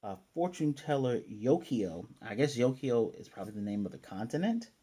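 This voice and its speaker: A man's voice: mid-range voice, sing-song, normal speed, warm tone, slightly rough. A man casually recapping an anime episode, chatty and self-correcting, with playful asides. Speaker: anime reviewer.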